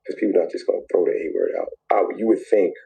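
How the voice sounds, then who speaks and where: Deep gravelly man, low murmuring storytelling. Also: steady tone, warm tone, low-quality recording. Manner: repetitive, drawn-out, dropping to near whispers. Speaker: guest telling his story in a played clip. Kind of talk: emotional personal storytelling.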